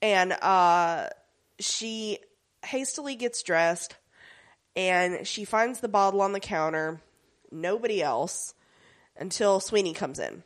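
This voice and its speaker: A woman's voice: medium pitch, expressive, slow pace. A woman in casual conversation, animatedly recapping a TV episode and slipping into characters' voices. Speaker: podcast co-host recapping a TV episode. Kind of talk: casual chat.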